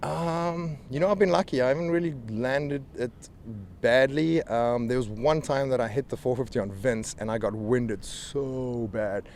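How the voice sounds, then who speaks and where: A man's voice: mid-range voice, normal speed, a little mellow. A man from South Africa with a hybrid South African and American accent, talking casually as an interview guest, laughing often and rambling with restarts. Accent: South African mixed with American. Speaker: professional wrestler guest. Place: outdoors near a helicopter. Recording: faint outdoor noise with helicopter.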